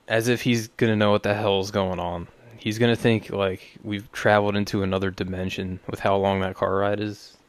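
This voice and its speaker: A man's voice: fairly low pitch, flat delivery, normal speed, hardly any pauses, no room sound. A young man hosting a podcast, talking in a rambling, profane, sardonic way. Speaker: podcast host. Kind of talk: casual solo podcast rant.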